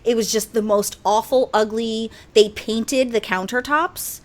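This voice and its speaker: Woman, 30s, podcast co-host, casual chat, lively storytelling, swears, bursts out loud. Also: on the high side, a little slow, background noise.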